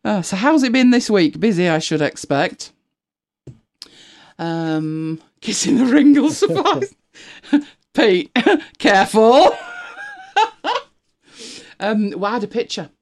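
A woman's voice: mid-range voice, very animated, takes it slowly, long pauses, a little mellow. A middle-aged woman hosting a casual live stream, chatting and laughing with viewers and greeting them by name.

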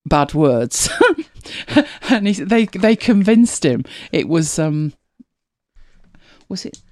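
A woman's voice: deep voice, animated, slow, warm tone, no room sound, studio quality. A middle-aged woman chatting casually as a podcast co-host, laughing often and telling stories with animation. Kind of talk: casual chat.

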